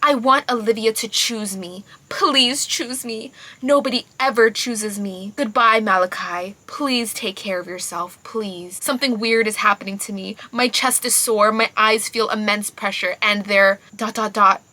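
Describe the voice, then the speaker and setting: A woman reading aloud the first-person lines of an obsessive young man from a novel, in a quiet, subdued voice. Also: medium pitch, unhurried, few pauses. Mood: pleading.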